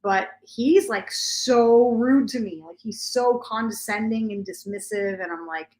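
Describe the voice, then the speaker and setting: A woman's voice: on the high side, a little slow, darkish tone. Chatty woman in her forties, roomy sound. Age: 40s. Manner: chatty storytelling, many "like" fillers. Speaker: podcast host. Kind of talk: casual chat. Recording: roomy echo.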